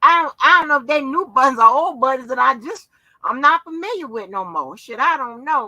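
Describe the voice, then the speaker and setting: A woman's voice: high-pitched, animated, fairly quick, pushed and bright, dry recording, dull audio. A tired woman hosting a livestream, chatting loosely with viewers, swearing freely and talking through lots of fillers. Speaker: livestream host. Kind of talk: casual livestream chat with viewers.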